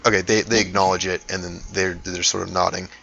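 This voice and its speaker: A man's voice: low-pitched, flat delivery, quick pace, vocal fry, crowd noise. A man narrating a tabletop game as game master, rambling with many fillers, on a dull lo-fi recording.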